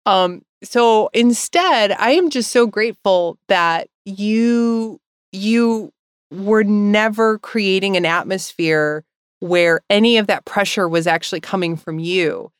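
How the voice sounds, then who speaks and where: A woman's voice: mid-range voice, slow, clear, resonant tone, no echo. A woman co-hosting a podcast in casual, heartfelt chat, rambling and emotional, laughing often and tearful. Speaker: podcast co-host.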